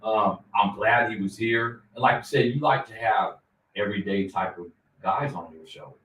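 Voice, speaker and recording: A man's voice: fairly low pitch, moderate pace, fairly bright tone. A man hosting a casual talk show, chiming in and asking short questions. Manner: brief encouraging interjections. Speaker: host. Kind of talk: casual chat. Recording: roomy, distant mic, faint noise.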